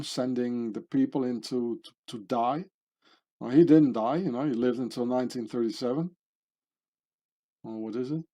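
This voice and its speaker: A man's voice: medium pitch, dark tone. A man giving casual commentary as he reads through a list of names, musing and rambling, trailing off with fillers and correcting himself. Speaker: video commentator.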